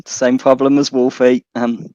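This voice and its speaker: A man's voice: mid-range voice, level tone, a little slow, warm tone, dry recording, muffled recording. A man player in a tabletop game who tries out accents for his character. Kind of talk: tabletop role-play.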